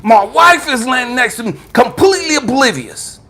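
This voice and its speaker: Husky, animated man giving testimony. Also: very high voice, moderate pace, few pauses. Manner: dramatic, swings from hushed to shouting. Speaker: spiritual coach. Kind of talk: impassioned testimony.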